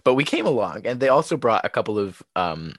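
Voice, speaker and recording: A man's voice: fairly low pitch, fairly quick, no room sound, clean studio sound. A young man co-hosting a podcast, telling stories in a casual chat and laughing often. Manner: laughs often, animated storytelling. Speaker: podcast co-host.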